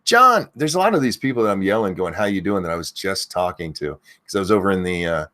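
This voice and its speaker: A man hosting a live stream, chatting casually, swearing a lot, and yelling out viewers' names now and then. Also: deep voice, lively intonation, fast talker.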